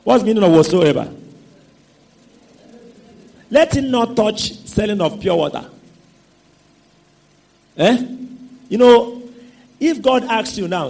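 A male preacher, his high, husky voice leaping up and down in pitch. He speaks slowly and leaves gaps for the congregation to finish his sentences. His phrasing stretches out and then swings between loud and soft. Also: animated. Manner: call-and-response questions to the congregation. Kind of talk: sermon.

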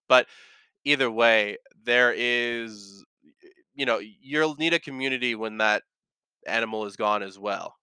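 A man's voice: on the low side, pushed and bright, smooth, dry recording. A man hosting a casual solo podcast, talking in an earnest, rambling way that often corrects itself, with a slight lisp. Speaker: podcast host.

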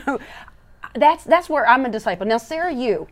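A woman co-hosting a casual faith podcast into a studio mic, acting out scenes with many restarts. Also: high-pitched. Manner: animated, acts out scenes, quick restarts. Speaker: podcast co-host. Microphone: studio microphone.

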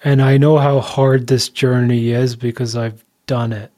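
Mellow-voiced male podcast host. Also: mid-range voice, little pitch movement, unhurried. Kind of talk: reflective interview talk.

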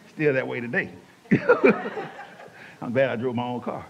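Man, pastor, animated storyteller, somewhat high voice, dull lo-fi recording. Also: brisk, long pauses. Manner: animated, acts out quotes, colloquial. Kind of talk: personal testimony storytelling.

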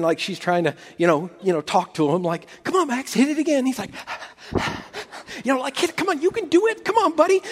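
A man preaching a sermon as pastor, telling a story with lively quoted voices and frequent restarts. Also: high voice, in a large hall.

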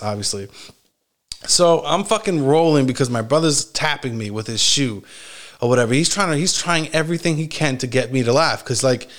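A man telling a long story from his childhood in a casual, rambling way, swearing often and filling pauses with "like" and "you know". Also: medium pitch, fairly bright tone. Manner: rambling, heavy swearing, frequent fillers and laughs.

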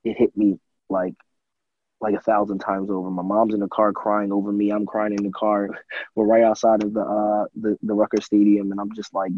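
A man's voice: lowish voice, moderate pace, no echo, narrow, tinny audio. A young man in his twenties, a former college football player, casually telling a story in an interview with lots of fillers and acted-out quotes. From USA. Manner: animated storyteller, many fillers, acts out quotes.

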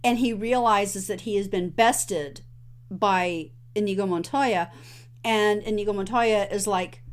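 A woman podcast host recapping a movie in casual chat, acting out its lines with lively energy. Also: mid-range voice, moderate pace.

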